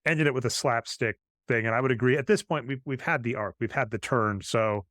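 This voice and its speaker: A podcast co-host with a mid-range, slightly bright voice talks fairly quickly, with no room sound in the recording. In casual chat he recaps a film, retelling its scenes and quoting characters' lines.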